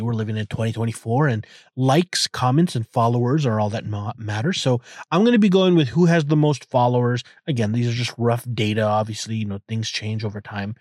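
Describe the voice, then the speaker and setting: A man's voice: medium pitch, darkish tone, dry recording, clean studio sound. A young man hosting a casual solo podcast from inside his car, rambling and irreverent, joking as he goes and restarting his sentences often. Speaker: podcast host.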